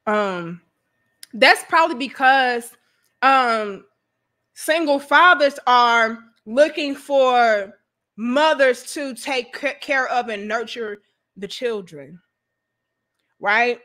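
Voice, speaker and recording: Woman host, St. Louis accent, high bright voice, animated and profane livestream talker. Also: takes it slowly, long pauses. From St. Louis, USA. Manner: animated, profane, laughs often, riffs on viewer comments. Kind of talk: livestream commentary to viewers.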